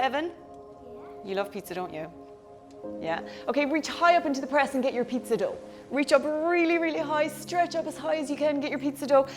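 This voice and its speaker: A young Irish woman leading a children's yoga class, playful and encouraging as she talks to the kids at home. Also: high voice.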